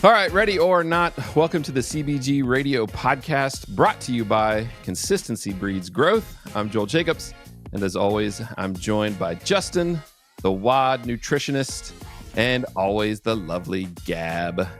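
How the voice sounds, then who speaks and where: A man's voice: mid-range voice, expressive, measured pace, fairly bright tone, faint music behind. A man hosting a podcast in casual chat, joking and loose with many fillers. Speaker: podcast host.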